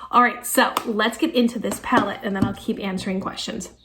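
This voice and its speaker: A woman's voice: mid-range voice, steady tone, fairly quick, over music. A woman in her thirties, a teacher and beauty vlogger, chatting casually and thinking aloud while doing her makeup. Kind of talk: casual makeup tutorial chat.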